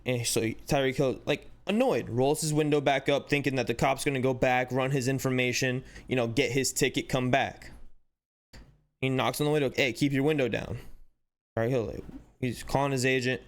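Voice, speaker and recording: A man hosting a sports channel, giving casual, animated commentary with exasperated rhetorical questions and lots of "like". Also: mid-range voice, normal speed. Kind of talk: casual commentary breaking down footage.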